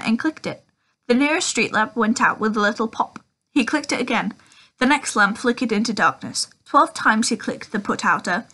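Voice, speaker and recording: A woman's voice: fairly high pitch, pushed and bright, husky. A woman reading a children's fantasy book aloud, stumbling and restarting now and then. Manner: casual reading with slips and restarts. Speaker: audiobook reader.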